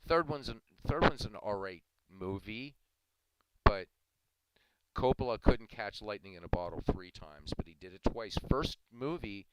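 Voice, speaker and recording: Low-voiced male host, loose rambling chat with chuckles, noisy recording. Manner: rambling, chuckling, repeats himself. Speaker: stream host. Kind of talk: casual chat. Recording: loud background noise.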